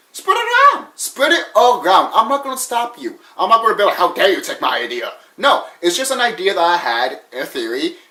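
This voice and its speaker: A young man rambles through a fan theory for his viewers, stumbling and restarting as he goes. His voice sits a little high. The room around him rings with echo. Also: sharp tone. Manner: rambling, stuttering and restarting, says so himself. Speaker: vlogger sharing a fan theory. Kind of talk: casual rambling talk to camera.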